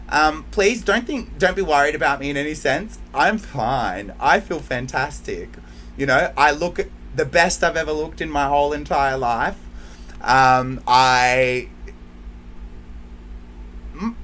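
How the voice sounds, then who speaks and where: Emotional man, heartfelt and slightly high. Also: lively intonation, takes it slowly, slight background noise. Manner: heartfelt, swinging between hushed and loud bursts. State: emotional, near tears. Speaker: channel host. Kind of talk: emotional direct-to-camera monologue.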